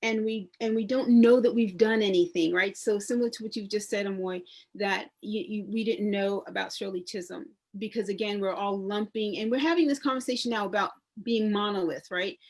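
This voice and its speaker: A New York woman who works as a public historian and genealogist speaks on a community panel discussion. Her medium-pitched, fairly quick delivery is conversational, full of restarts and lively storytelling.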